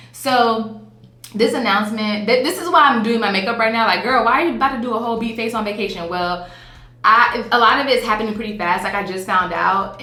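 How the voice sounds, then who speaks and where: A woman, talking to camera in a chatty, animated, playful vlog style. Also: a little high, echoey room. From Virginia, USA. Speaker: vlogger. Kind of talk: casual vlog talk to camera. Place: hotel room on vacation.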